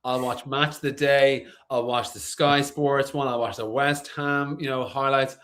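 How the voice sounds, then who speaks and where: A man's voice: medium pitch, fairly even intonation, unhurried, a bit bright. A man chatting casually as a co-host of a fan show, emotional and rambling, full of restarts.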